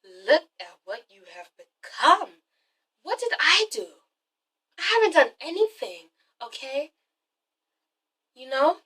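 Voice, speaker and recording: A woman voicing a scheming, manipulative woman who taunts in a low, hushed, drawn-out voice, recorded from a distance. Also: big pitch swings, heavily acted. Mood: taunting.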